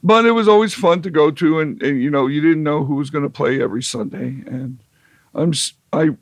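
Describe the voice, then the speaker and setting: A man's voice: on the high side, brisk, dry recording. A man telling a long, wry, rambling story as an interview guest, with lots of fillers and restarts. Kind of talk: casual storytelling.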